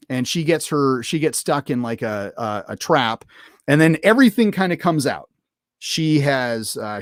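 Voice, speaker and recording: A man at a middle pitch talks through an episode recap in a loose, unscripted way. He rambles, trips over his words, and fills the gaps with ums and uhs. The sound is dry and close. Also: dry recording. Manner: rambling, many fillers and restarts. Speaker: podcast host reviewing an episode.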